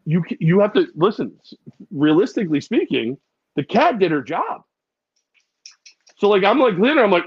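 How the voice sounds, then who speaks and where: A man co-hosting a podcast, telling funny stories in a casual, animated way and sometimes putting on voices. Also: on the high side, fairly quick, breathy edge, no echo, dull audio. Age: adult with a daughter. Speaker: podcast co-host. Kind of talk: casual chat.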